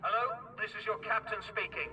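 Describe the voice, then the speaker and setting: An actor playing a starship captain making dry, deadpan intercom announcements. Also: male voice, high-pitched, fairly quick, slight background noise. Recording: game audio from a distance. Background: game music.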